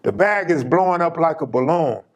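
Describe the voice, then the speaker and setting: A man's voice: fairly high pitch, expressive, normal speed. A man hosting his channel, casually telling a personal story in an emphatic, slang-heavy way.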